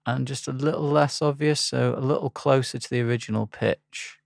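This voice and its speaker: A man talking through a software tutorial in a relaxed, halting way with frequent pauses and ums. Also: medium pitch, gravelly, dry recording, clean studio sound. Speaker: instructor. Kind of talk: screen-recorded software tutorial.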